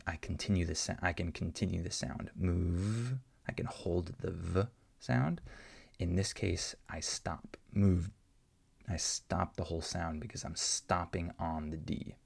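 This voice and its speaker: A man's voice: deep voice, vocal fry, breathy edge. A man teaching English pronunciation, answering learner questions and patiently repeating example words to show each sound.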